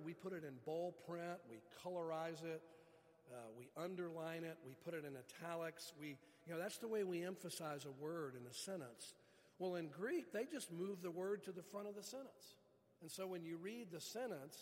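A man's voice: fairly high pitch, big-room sound. A man preaching a sermon as pastor, earnest, stretching key words for emphasis.

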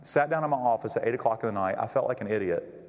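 A male pastor preaches a sermon in a medium-pitched, rapid-fire voice, telling a story and acting out the people he quotes. The recording carries a long reverb, as in a large hall.

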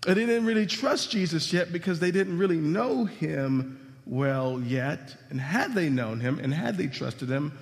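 A man's voice: on the high side, lively intonation, unhurried, gravelly. A man preaching a sermon as a pastor, building emphasis with rhetorical questions. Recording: long reverb of a large hall.

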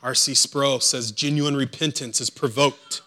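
A man preaching a sermon as pastor, acting out quotes and swinging between hushed, slow lines and loud, urgent ones. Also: medium pitch, steady tone.

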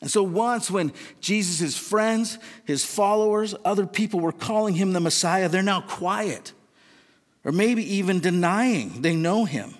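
Earnest high-voiced male preacher in a hall. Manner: earnest, questioning, conversational preaching. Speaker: pastor. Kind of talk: sermon. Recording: long reverb of a large hall.

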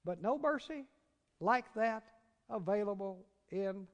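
A man with a Southern American accent preaching a sermon, dropping to hushed, drawn-out words and rising to loud, urgent cries. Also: high-pitched, lively intonation, highs cut off. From Southern United States. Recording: long reverb of a large hall.

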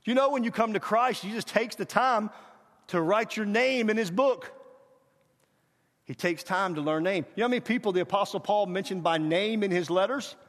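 A middle-aged man preaching a guest sermon, animated and urging the congregation to repeat after him, at times dropping to a quiet hush. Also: sits high, normal speed. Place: church sanctuary. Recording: reverberant church hall.

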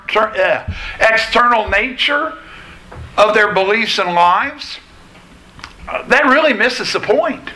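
A man preaching a sermon to a congregation in a church, emphatic and deliberate, with a sarcastic edge at times. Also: extremely high pitch, pushed and bright, rough recording. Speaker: pastor. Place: church sanctuary.

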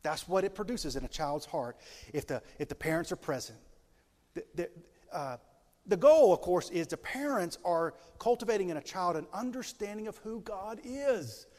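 A male pastor preaching a sermon in a lively way, putting questions to his congregation. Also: sits high, normal speed. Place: church sanctuary. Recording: long hall reverb from a church.

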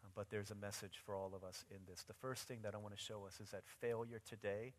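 A man's voice: fairly low pitch, fairly even intonation, fast talker. Man preaching with vivid storytelling. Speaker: pastor. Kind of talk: sermon. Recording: long reverb in a large hall.

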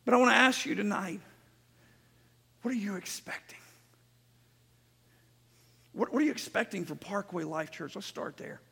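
High-voiced man preaching in reverberant church. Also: lively intonation, fast, gravelly, hardly any pauses, husky. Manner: emphatic preaching, repeats phrases, rises to shouts. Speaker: pastor. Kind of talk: sermon. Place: church sanctuary.

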